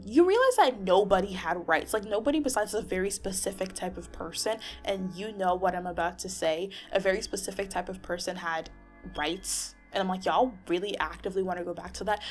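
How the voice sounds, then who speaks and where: A woman rants to camera in a casual vlog, exasperated and restarting her sentences often. Her voice has a gravelly fry. Soft music plays faintly underneath. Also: medium pitch. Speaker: vlogger.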